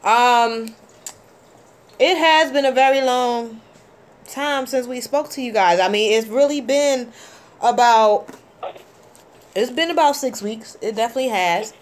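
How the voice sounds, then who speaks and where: A middle-aged woman hosting a call-in show, talking in a heartfelt, halting way with many ums. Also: a little high, a little hiss or hum. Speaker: host. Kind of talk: casual call-in show talk.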